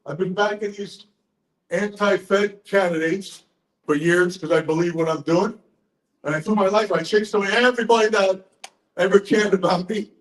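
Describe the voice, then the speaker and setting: A man in his sixties giving a rambling, profane, excitable speech to a crowd, a little drunk. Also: high-pitched, normal speed, reverberant, rough recording. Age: 60s. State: tipsy. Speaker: conference speaker.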